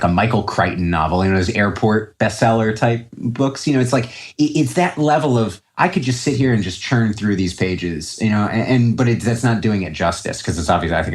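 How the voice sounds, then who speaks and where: Deep-voiced man, rambling interview guest. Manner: rambling, many fillers and restarts. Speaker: podcast guest, trader. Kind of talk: casual interview talk.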